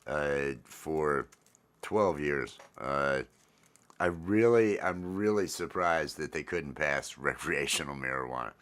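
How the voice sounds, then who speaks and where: An extremely low-pitched, slow but fairly bright male voice hosts a casual livestream, rambling easily, repeating phrases and welcoming viewers by name.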